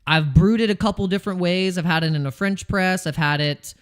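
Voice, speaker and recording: A man's voice: sits high, brisk, clear, resonant tone. A man hosting a casual crypto livestream, joking and rambling, reading chat names and restarting his sentences, wired on coffee. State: over-caffeinated.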